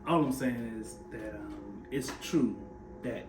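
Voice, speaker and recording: A man's voice: medium pitch, takes it slowly, loud music behind the voice. A man co-hosting a casual TV recap chat, giving blunt, emphatic opinions. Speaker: podcast co-host. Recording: echoey room with faint noise.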